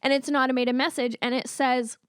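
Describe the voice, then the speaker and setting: A woman, co-hosting a podcast and telling an animated story in casual chat, full of "like". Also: high-pitched, fast talker, clean tone, no room sound, studio quality. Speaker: podcast co-host.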